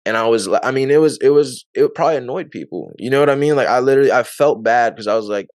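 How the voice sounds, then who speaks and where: A man's voice: mid-range voice, fast talker, a little mellow, dry recording, clean studio sound. A man being interviewed, telling his story in a loose, rambling way with lots of fillers and frequent laughs. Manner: laughs often. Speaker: interview guest. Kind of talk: casual testimony.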